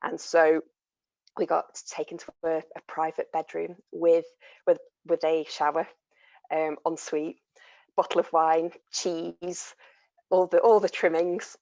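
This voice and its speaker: Low-voiced woman panelist, chatty storyteller, dry and slightly dull video-call sound. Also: level tone, takes it slowly, creaky, darkish tone, dry recording. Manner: chatty storytelling, laughs often. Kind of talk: online panel chat.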